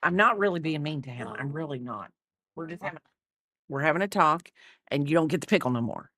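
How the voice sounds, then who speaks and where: A woman with a low voice chats casually while crocheting, teasing and fussing over her dog. She rambles and restarts her sentences. The sound is dry and close. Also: expressive, a little fast, fairly bright tone, dry recording. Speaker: crochet streamer.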